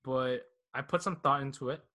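A man hosting a podcast, judging a casual panel debate in a relaxed, rambling, slangy way. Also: medium pitch, moderate pace. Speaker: podcast host.

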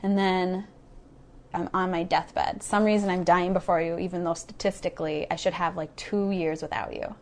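A woman's voice: fairly low pitch, fairly even intonation, normal speed. A woman co-hosting a podcast in casual chat, giggly and stubborn, telling stories in a dry way. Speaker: podcast co-host.

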